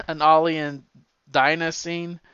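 A man's voice: a little high, flat delivery, slow, bright, forceful tone, clean tone, no room sound, muffled recording. A man talking casually and at length about comic books, rambling with stammered restarts and swearing freely. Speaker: comic book fan talking to a friend. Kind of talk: casual chat.

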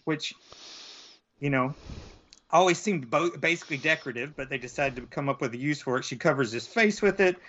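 In a mid-range, fairly bright voice, this man co-hosts a podcast through lo-fi sound. He chats loosely and rambles, with plenty of fillers and false starts.

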